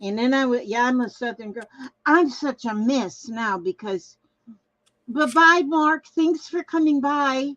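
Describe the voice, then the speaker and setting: An older woman hosting a craft livestream, rambling cheerfully through viewer comments and often restarting her sentences. She talks fairly high and is recorded close and dry, with a slightly muffled sound. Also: unhurried, fairly bright tone, no room sound. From Minnesota, US. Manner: chatty, reads viewer comments aloud, trails off and restarts. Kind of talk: casual livestream chat.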